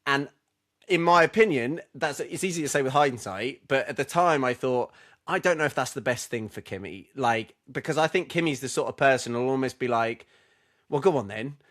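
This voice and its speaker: A man co-hosting a casual racing podcast, calmly laying out his theories at length. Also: mid-range voice, brisk. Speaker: podcast co-host.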